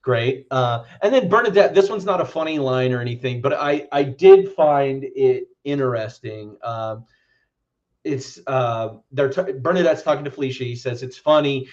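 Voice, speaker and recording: A man talks through a film on a podcast in a loose, meandering way, with a casual habit of swearing. His voice sits at an ordinary middle pitch. The recording is a little dull and lo-fi. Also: moderate pace, darkish tone. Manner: loose and rambling, swears freely. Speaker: podcast co-host.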